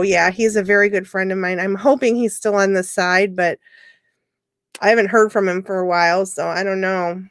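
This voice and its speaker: A woman's voice: medium pitch, no echo, studio quality. A woman who works as a psychic medium, chatting on an internet radio show and telling rambling, emotional stories full of restarts. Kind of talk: casual radio conversation.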